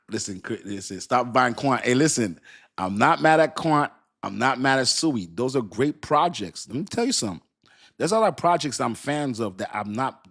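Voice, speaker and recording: A man in his fifties hosting a casual crypto livestream, talking in an animated, repetitive, slangy way and laughing often. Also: on the low side. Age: 50s. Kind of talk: casual live-stream talk.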